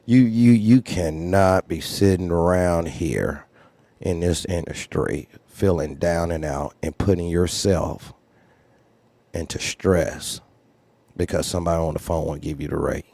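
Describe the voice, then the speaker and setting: A man's voice: low voice, unhurried, gravelly, warm tone, dry recording. A man who hosts a trucking channel, talking unscripted with earnest, preachy advice and repeated phrases. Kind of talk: unscripted livestream talk.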